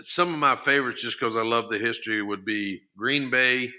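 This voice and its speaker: Earnest man with bright forceful voice. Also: mid-range voice, moderate pace. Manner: earnest, repeats and restarts words often. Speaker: podcast guest, former football lineman. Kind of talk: casual interview talk.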